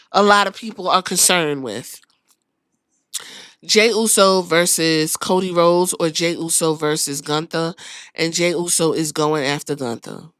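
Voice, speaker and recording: A woman hosting a podcast, recapping events in a casual, profane, animated storytelling style. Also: fairly low pitch, dry recording. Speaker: podcast host.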